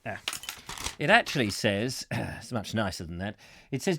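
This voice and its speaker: A man's voice: fairly low pitch, big pitch swings, moderate pace, pauses often, bright, forceful tone, slight background noise. Playful rambling male chat show host. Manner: rambling and playful, breaks into silly voices and sung sound effects. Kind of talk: comic live chat show.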